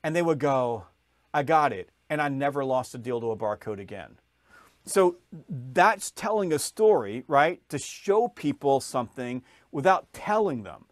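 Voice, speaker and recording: A man telling a sales story in conversation, animated, acting out other people's voices as he goes. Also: normal speed, no room sound, studio quality. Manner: lively storyteller, acts out voices, rises in pitch when excited. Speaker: podcast guest, sales author.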